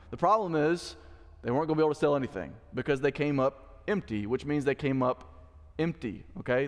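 Man preaching in a reverberant hall. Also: a little high. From Mississippi. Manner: conversational, acts out the quoted lines. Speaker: pastor. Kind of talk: sermon. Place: church sanctuary. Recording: long church hall reverb.

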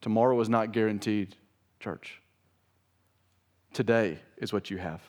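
A man's voice: lowish voice, steady tone, a little fast, a little mellow. Impassioned male preacher, emphatic delivery. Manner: preaching with rising intensity, emphatic and pleading. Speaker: pastor. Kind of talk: sermon. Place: church sanctuary.

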